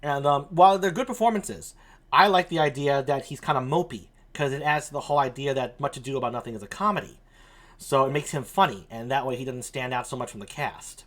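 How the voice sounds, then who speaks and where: A man streaming, giving casual commentary between reading parts, chatty and quick to laugh. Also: medium pitch, a bit bright. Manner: chatty, laughing easily, self-correcting.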